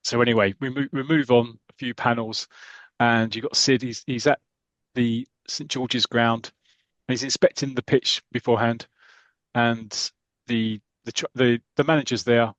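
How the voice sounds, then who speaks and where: A man's voice: medium pitch, fairly even intonation, normal speed, no echo. A man co-hosting a podcast, casually retelling an old comic strip story in a chatty way. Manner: chatty, restarts, does character voices. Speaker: podcast co-host.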